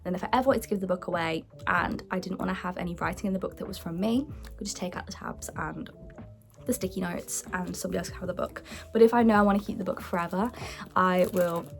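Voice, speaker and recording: Chatty, excitable young woman. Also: lowish voice, fast. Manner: chatty and excitable, with hushed asides. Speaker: book vlogger. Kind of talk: casual chat showing her books. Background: faint background music.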